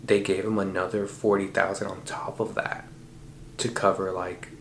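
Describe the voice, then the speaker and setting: A man's voice: sits low, moderate pace, vocal fry, roomy sound, slight background noise. A man telling a dream story in a casual podcast monologue, swearing freely and acting out the lines of the people in it. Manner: profane, animated retelling with quoted voices. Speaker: podcast host.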